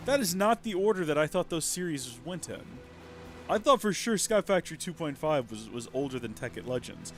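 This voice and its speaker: A man's voice: fairly high pitch, big pitch swings, brisk, soft background music. Chatty rambling streamer guy. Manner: chatty, rambling, self-mocking. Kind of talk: casual let's-play commentary.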